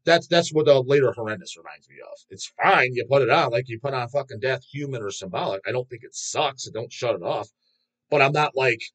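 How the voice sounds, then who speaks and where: A middle-aged man hosting a podcast, ranting casually in a profane, opinionated and animated way. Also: medium pitch, husky. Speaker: podcast host. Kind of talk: casual rant.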